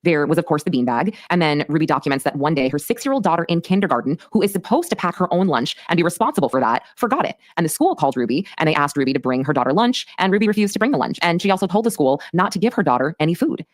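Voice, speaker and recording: A woman hosting a true crime podcast, recapping a case in fast, emphatic storytelling. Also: deep voice, expressive, no room sound, studio quality. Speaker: podcast host.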